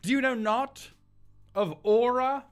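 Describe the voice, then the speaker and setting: A man's voice: extremely high pitch, takes it slowly, clear, resonant tone, soft background music, voice pushed up, heavily acted. A man voicing a snobbish, scornful rich older British man with a put-on upper-class British accent, drawing out his vowels and tossing out haughty insults.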